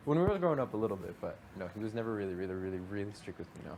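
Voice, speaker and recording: Fast-talking young man, rambling casually. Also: on the low side, very animated, darkish tone, a little hiss or hum. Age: young adult. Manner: fast, rambling, heavy on fillers. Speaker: reality show houseguest. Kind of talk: casual late-night chat.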